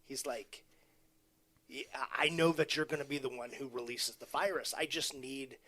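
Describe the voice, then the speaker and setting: A man's voice: medium pitch, moderate pace, sharp tone. A man casually discussing a film on a podcast, agreeing often and acting out the characters' lines. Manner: agreeable, chimes in, acts out quoted dialogue. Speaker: podcast co-host. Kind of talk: casual movie commentary chat.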